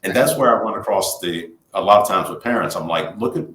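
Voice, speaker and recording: A man co-hosts a podcast with a fairly low voice that moves up and down a lot. He talks in a conversational way, asking questions and adding his own examples. His voice carries a roomy echo. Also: expressive, fast, fairly bright tone. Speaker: podcast co-host.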